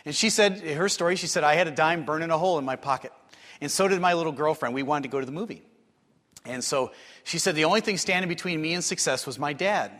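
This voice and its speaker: A male preacher with a fairly high voice delivers a sermon in a church, and his words ring out in a long hall reverb. He tells stories vividly, acting out the quoted people and rising into eager, excited passages. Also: fast. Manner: storytelling, acts out quotes, rises to excited bursts. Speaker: pastor.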